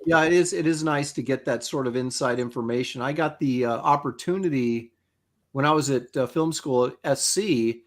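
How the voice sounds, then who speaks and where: A man's voice: mid-range voice, moderate pace. A middle-aged man chatting casually on a livestream, telling rambling stories with lots of fillers and restarts. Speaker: co-host of a crowdfunding livestream. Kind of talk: casual chat. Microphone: video call.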